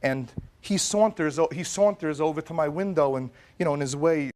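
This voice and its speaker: Animated man telling his story. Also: fairly high pitch, normal speed. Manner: dramatic, acts out quoted dialogue. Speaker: plaintiff in small claims court.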